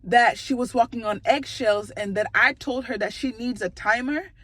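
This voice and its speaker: Animated husky young woman telling a story. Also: a little high, moderate pace, no echo. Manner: animated, swears freely, acts out quotes. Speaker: vlogger. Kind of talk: storytime vlog, casual venting.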